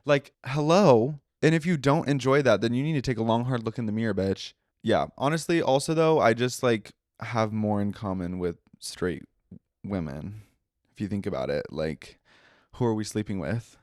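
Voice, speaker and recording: Recorded dry in a clean studio, a young man with a lowish, nasal voice hosts a casual podcast chat at an ordinary pace. He stresses words heavily to show his emotions, staying expressive and tossing in many laughing asides.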